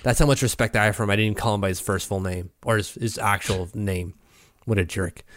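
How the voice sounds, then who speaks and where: A man's voice: lowish voice, steady tone, fast talker, a bit bright, no echo, studio quality. A man co-hosting a casual chat, teasing his co-host with jokey banter.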